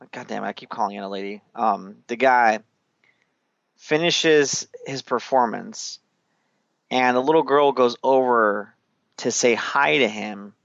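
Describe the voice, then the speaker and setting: A man's voice: mid-range voice, fairly bright tone, no room sound, lo-fi sound. A man chatting casually and swearing often as he loosely retells a movie's scenes, laughing along the way. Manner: loose, profane, laughing storyteller. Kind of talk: casual chat recapping a movie.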